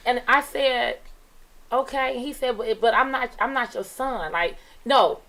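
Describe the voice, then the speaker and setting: A woman's voice: a little high, unhurried, rough recording. A middle-aged woman teacher, telling classroom stories in casual talk and acting out the dialogue. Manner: animated, acts out dialogue in her stories. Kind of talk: casual storytelling on a radio talk show.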